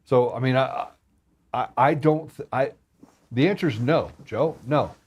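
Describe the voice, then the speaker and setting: A man's voice: mid-range voice, unhurried, darkish tone, breathy edge. Blunt, heated man on a podcast. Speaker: guest. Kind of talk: casual chat.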